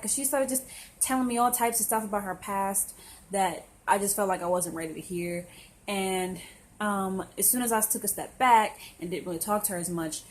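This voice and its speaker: A woman's voice: on the low side, slight background noise, low-quality recording. A young woman, talking to camera in a blunt, sassy, opinionated monologue. She often acts out the people she talks about. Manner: blunt and sassy, with voiced impressions of others. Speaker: astrology vlogger.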